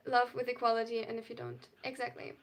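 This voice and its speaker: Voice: mid-range voice, sing-song, quick pace. A young adult non-binary streamer with a German accent, earnestly reading out chat messages and answering them at length on a live stream. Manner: earnest, reads chat aloud and replies at length.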